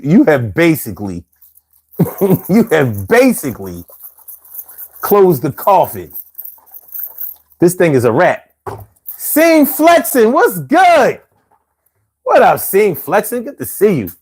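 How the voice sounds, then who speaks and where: A man's voice: fairly high pitch, very animated, slow pace, long pauses, darkish tone, husky. A man hosting a casual live show, telling stories in loose slang and laughing often. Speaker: show host.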